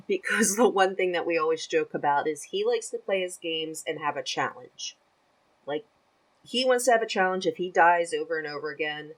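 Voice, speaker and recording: A chatty woman with a notably low voice talks casually as a podcast guest. She is animated and laughs easily as she goes. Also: poor audio. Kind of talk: casual chat.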